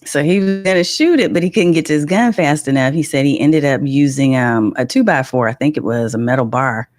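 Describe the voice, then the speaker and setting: A middle-aged woman hosts a casual livestream in a low voice. She tells animated stories, laughs often and greets viewers in the chat. The sound is close and dry. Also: brisk, no echo. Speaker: livestream host.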